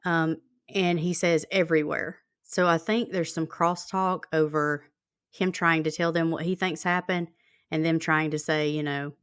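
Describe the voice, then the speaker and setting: Low-voiced woman hosting a true-crime podcast. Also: steady tone, measured pace, a bit bright, smooth, dry recording, studio quality. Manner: reads out a call transcript in a plain conversational way, with many fillers. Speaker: podcast host.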